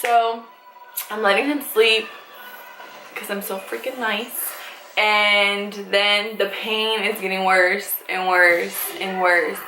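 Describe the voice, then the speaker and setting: A young woman vlogger casually telling a story, animated and swearing freely as she acts out what people said. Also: medium pitch, slow, soft background music. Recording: echoey room with faint ambient noise.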